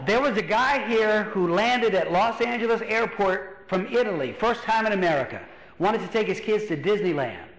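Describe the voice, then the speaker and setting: A man from Louisiana, a pastor doing stand-up comedy as an animated storyteller who acts out voices. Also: high-pitched, normal speed. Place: church hall. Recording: echoey hall.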